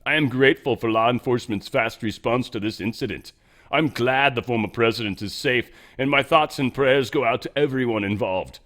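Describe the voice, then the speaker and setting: A man's voice: mid-range voice, a little fast, a bit bright, voice pushed down, close to an everyday voice. A man doing a solemn politician's statement. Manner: mock-solemn impression of a politician.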